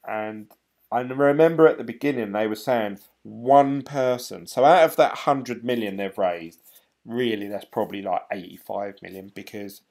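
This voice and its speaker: A man's voice: mid-range voice, darkish tone. A man chatting casually on a live stream, rambling and laughing often as he reads comments. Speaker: crypto vlogger reading live chat.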